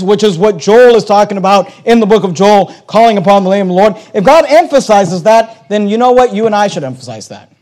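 A man preaching with a strikingly high-pitched voice, driving his points home through emphatic repetition. He delivers a pastor's sermon, returning again and again to the same phrases. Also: a little mellow, poor audio.

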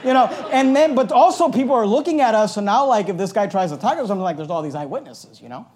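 Loud, high-voiced middle-aged male pastor. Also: animated, quick pace. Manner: loud, emphatic delivery; conversational storytelling with asides. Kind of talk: sermon with personal anecdote.

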